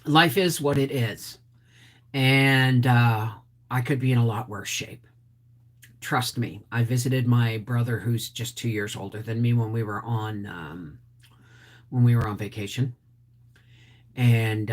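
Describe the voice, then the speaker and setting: An older woman hosting a casual livestream, chatting and greeting viewers by name. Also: extremely low pitch. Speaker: homestead channel host.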